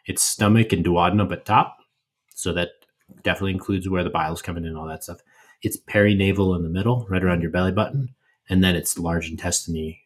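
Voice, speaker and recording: A man co-hosting a podcast, explaining things in a relaxed, casual way with playful asides. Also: deep voice, breathy edge. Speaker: podcast co-host. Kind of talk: casual educational chat.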